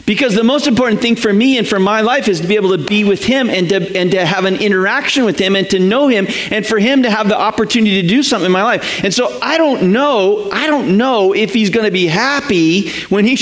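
A man delivers a sermon with a lively, swooping voice that sits a little above the usual male pitch. He tells his stories with animation and slips into the voices of the people he quotes. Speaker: pastor.

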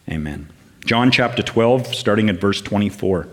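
An older man giving a sermon as guest preacher, talking in a warm, halting way with fillers and restarts that builds into rousing lists. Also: on the low side, lively intonation.

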